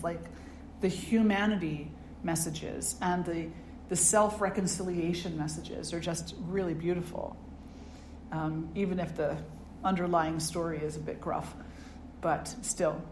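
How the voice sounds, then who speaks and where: A woman's voice: on the low side, noisy background. A woman, a spiritual teacher, giving a reflective, conversational satsang talk and asking her audience questions. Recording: roomy hall with faint ambience.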